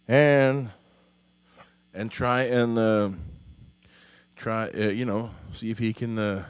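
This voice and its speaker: A man's voice: mid-range voice, a little mellow, no room sound. A middle-aged man with a Norwegian accent, rambling through a live-stream chat with many fillers and restarts. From Norway. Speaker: musician hosting a live stream. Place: home studio.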